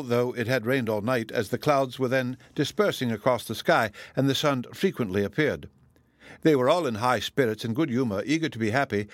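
A man's voice: mid-range voice, dry recording. Man narrating an audiobook. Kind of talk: audiobook narration of a classic novel.

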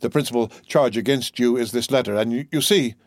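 A man voicing a stern male magistrate, speaking in a measured, stiff and formal way. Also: medium pitch, a little mellow, dry recording, clean studio sound, natural voice. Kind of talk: audiobook character voice.

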